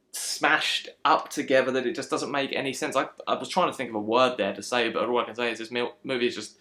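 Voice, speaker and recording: Guy ranting about a movie, middle pitch, does mocking little voices. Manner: animated, frustrated, mocking impressions. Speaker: film reviewer. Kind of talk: casual spoken film critique.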